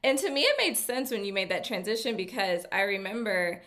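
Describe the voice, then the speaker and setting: A woman's voice: medium pitch, expressive, brisk, fairly bright tone. A woman hosting a casual podcast interview, friendly and encouraging toward her guest. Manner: friendly, encouraging, laughs along. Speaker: podcast host.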